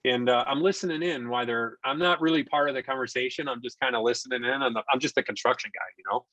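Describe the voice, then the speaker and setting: A man's voice: medium pitch, fast, no echo, poor audio. A man in his forties telling a story as a podcast guest, talking casually and acting out the people he quotes. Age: 40s. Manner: animated storyteller who acts out quoted dialogue. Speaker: podcast guest, investor and contractor.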